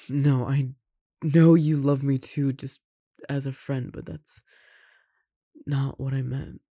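Casting: a performer playing a tender, caring roommate confessing love, unhurried delivery, dry close sound. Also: medium pitch, steady tone, husky, no echo. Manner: soft, tender, with gentle laughs and sighs. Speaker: audio roleplay performer. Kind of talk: romantic audio roleplay addressed to the listener.

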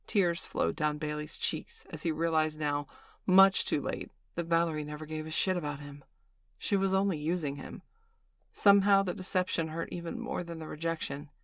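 Low-voiced woman reading an audiobook. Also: fairly even intonation, moderate pace, no room sound, studio quality. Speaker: narrator. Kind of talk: scripted audiobook narration.

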